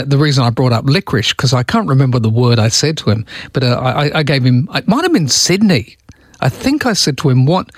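A man's voice: mid-range voice, no echo, clean studio sound. A male radio host in a casual, amused chat, tossing out rhetorical questions.

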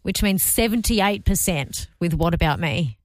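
A woman's voice: on the low side, animated, normal speed. A woman co-hosting a breakfast radio show, telling news stories and reading out listener votes. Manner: storytelling, reads listener votes and texts. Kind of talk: casual on-air banter. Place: radio studio. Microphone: studio microphone.

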